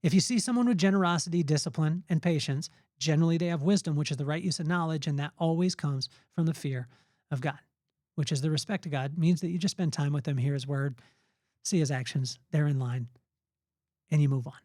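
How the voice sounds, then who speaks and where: Earnest man with a bright, dry voice. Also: fairly high pitch, a little fast, no room sound. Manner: earnest, emphatic, conversational. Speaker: podcast host. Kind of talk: motivational faith talk.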